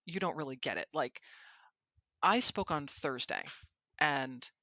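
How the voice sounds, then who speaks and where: Podcast host, woman; animated storyteller, bright tone, dry close sound. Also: deep voice, a little slow, no room sound. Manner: animated storyteller who acts out quotes. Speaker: podcast host and presentation coach. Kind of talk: casual podcast chat.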